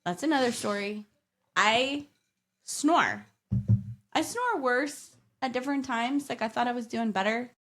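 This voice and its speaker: A woman's voice: fairly high pitch, animated, measured pace, a bit bright. A woman co-hosting a podcast with a nasal voice, chatting casually and playfully. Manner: playful, laughs along. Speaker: podcast co-host. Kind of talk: casual chat.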